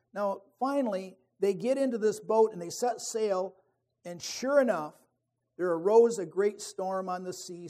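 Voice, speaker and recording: A man's voice: high-pitched, dark tone. A man preaching a sermon in a conversational way, often restarting phrases and reading scripture aloud. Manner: conversational, with many restarts and asides.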